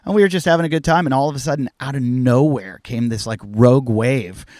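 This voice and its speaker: A man's voice: mid-range voice, fairly quick, a little mellow, no room sound, studio quality. A middle-aged man hosting a casual podcast chat, telling candid stories and swearing freely. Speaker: podcast host.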